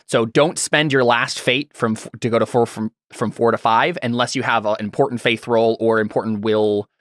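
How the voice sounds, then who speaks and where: A man's voice: mid-range voice, steady tone, normal speed, a bit bright, dry recording, studio quality. A man running a tabletop game as game master, patiently explaining the rules with frequent ums and restarts.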